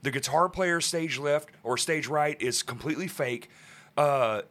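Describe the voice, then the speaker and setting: A man in casual chat, joking and swearing, tossing in quick asides. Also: a little high, a bit bright.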